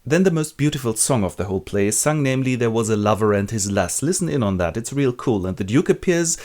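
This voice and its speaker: Male host, lively, slangy comic narrator. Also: medium pitch, fast. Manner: irreverent, slangy storytelling. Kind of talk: comic literature retelling.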